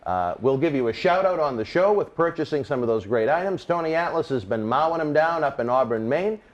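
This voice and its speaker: A man's voice: brisk, dull audio. A man hosting a wrestling interview, reading promos and chatting casually. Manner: upbeat promo delivery, lively pitch. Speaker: interview host.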